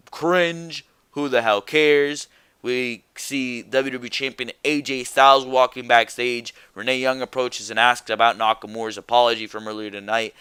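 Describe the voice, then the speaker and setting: A man's voice: mid-range voice, moderate pace, pushed and bright, clean tone, dry recording. A young man reviewing a wrestling show alone, ranting bluntly and swearing freely as he gives his opinions.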